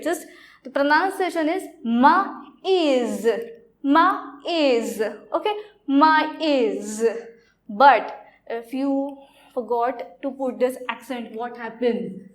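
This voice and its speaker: A woman teaching a French lesson in a video lecture, halting and repetitive, often saying "okay". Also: sits high. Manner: halting, repeats words, says "okay" often.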